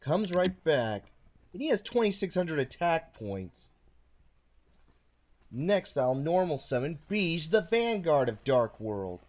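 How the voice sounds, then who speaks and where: A playful man hosting a casual card game duel, calling out each move with a lively, bouncing voice on the higher side. The recording sounds dull and lo-fi. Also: slow. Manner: playful, narrating his moves. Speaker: host and card game player. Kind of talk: casual chat while playing a card game.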